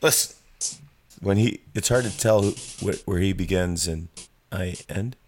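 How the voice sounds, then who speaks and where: A man's voice: low voice, unhurried, a little hiss or hum. A man hosting a podcast, teasing his guests in a dry, sarcastic way. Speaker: podcast host. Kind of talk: casual podcast banter.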